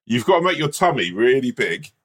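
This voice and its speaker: A man's voice: mid-range voice, big pitch swings, a little fast. A man co-hosting a podcast, chatting casually and laughing, acting out other people's lines in his stories. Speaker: podcast co-host. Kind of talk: casual comedic chat.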